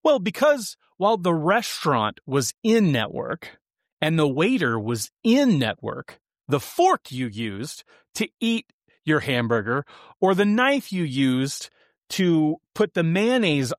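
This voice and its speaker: A man hosts a podcast by himself, giving sarcastic, punchy comedic commentary with a theatrical edge. His voice sits somewhat high for a man. The recording is dry and close. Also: sing-song, unhurried, no room sound. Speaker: podcast host.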